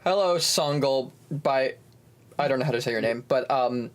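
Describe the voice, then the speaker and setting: A young man casually chatting as co-host of a stream, animated, with bursts of silly voices. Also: mid-range voice, normal speed.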